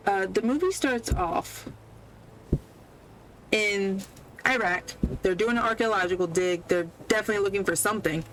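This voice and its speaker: A woman's voice: medium pitch, normal speed, long pauses, a bit bright, slight background noise, low-quality recording. A woman podcast host casually recapping a movie while playing a video game, sarcastic and full of swearing, laughing often.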